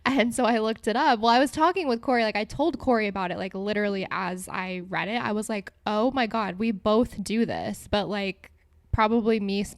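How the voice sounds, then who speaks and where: A woman's voice: mid-range voice, no room sound. A young woman hosting a solo podcast, talking casually with frequent laughs and lots of "like" fillers. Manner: chatty, giggly, lots of "like" fillers. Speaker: podcast host.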